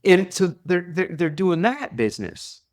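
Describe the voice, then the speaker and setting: A man who works as a leadership coach, speaking as a podcast guest. He tells stories in an animated way and often repeats and restarts his words. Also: sits high, a little slow. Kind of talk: conversational interview storytelling.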